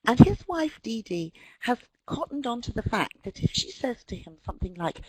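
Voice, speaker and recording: With a fairly high, breathy voice that moves through big pitch swings, a middle-aged British webinar presenter who trains English teachers lectures on language at a moderate pace. Her talk is wry and anecdotal, peppered with ums, and the recording is rough.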